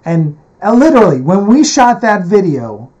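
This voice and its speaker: A man's voice: high voice, very animated, normal speed, a little mellow. A man hosting a casual interview, rambling and thinking aloud while handling things on his computer. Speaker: host and producer.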